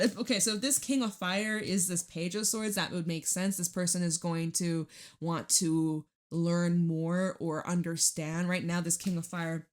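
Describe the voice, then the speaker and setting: A woman's voice: fairly low pitch, steady tone, unhurried. Young female tarot reader, casual chat, rambly and profane, laughs a lot. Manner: chatty, rambling, laughs and swears freely.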